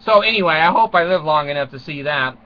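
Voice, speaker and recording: A man's voice: on the high side, expressive, fast, dull audio. An older man rambling through a crude, self-mocking comic monologue from a small closet at home, chuckling often. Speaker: vlogger.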